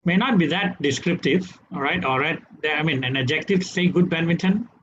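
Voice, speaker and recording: An English trainer with a Malaysian English accent teaches grammar in an online webinar, adding "right?" after each point. His voice runs high, a little fast and slightly bright, captured by a computer mic in dull lo-fi audio with slight background noise.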